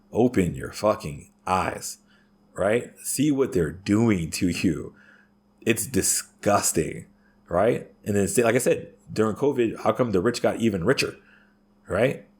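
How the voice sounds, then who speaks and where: A man's voice: fairly low pitch, creaky, darkish tone, husky. A man talking as a podcast guest in a profane, ranting way, punctuating his points with "right?". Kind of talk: casual podcast conversation.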